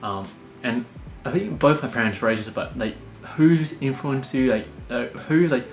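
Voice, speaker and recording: Calm Australian man telling a story. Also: mid-range voice, normal speed. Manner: calm, many fillers and restarts. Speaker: podcast host. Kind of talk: reflective personal storytelling. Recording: echoey room with faint music.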